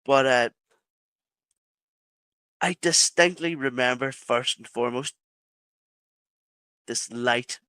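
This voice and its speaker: Irish man telling his story, halting. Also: medium pitch, sharp tone, no room sound. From Ireland. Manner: halting, with many restarts and pauses. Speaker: podcast guest. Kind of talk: telling a personal story in an interview.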